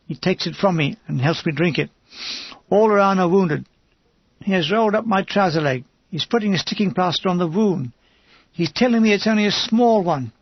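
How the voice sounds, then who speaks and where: A man reading a war memoir aloud in an understated, measured first-person manner. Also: high-pitched, husky, no room sound, highs cut off. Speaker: audiobook reader. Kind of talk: audiobook memoir narration.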